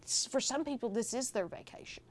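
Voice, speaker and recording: Animated woman telling a story. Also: fairly high pitch, a little fast, a little hiss or hum. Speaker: film festival organizer guest. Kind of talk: casual podcast chat, storytelling.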